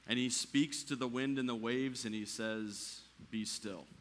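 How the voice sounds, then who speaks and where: A man preaching a sermon in a church, climbing to near shouting at the peaks and dropping quiet for the calm lines. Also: mid-range voice, a little slow. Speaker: pastor.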